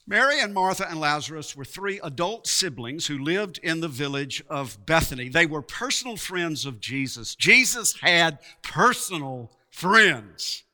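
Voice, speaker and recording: A man preaching a sermon, slow and emphatic, with dramatic pauses and repeated words. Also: on the high side, pushed and bright.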